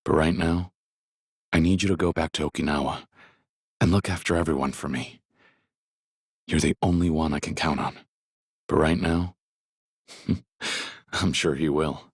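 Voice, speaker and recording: An actor playing a stoic, kind middle-aged ex-yakuza in a video game, speaking plainly and steadily. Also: male voice, a little slow, long pauses, slightly rough, no room sound, clean studio sound, full character voice. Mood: calm. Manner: plainspoken, steady, low-key.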